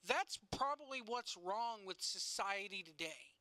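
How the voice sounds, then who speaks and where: A woman's voice: fairly high pitch, moderate pace, dry recording. Woman cohost ranting about her day, cusses a lot, dry close sound. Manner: swearing, animated storyteller. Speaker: podcast co-host. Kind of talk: casual chat.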